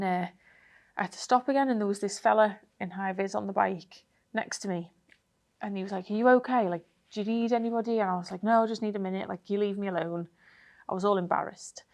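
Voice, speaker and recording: A woman, a triathlete guest telling a race story in a chatty, animated way full of fillers. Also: mid-range voice, gravelly. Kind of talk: casual interview storytelling.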